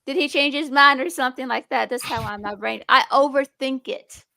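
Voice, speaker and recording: A young woman with a slight speech impediment chats on stream in a higher-pitched, rambling way. She keeps restarting her sentences. Her voice sounds close and dry, with no room echo. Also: fairly quick, gravelly, pushed and bright. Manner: rambling, restarts, talks about being nervous and defensive. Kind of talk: casual chat.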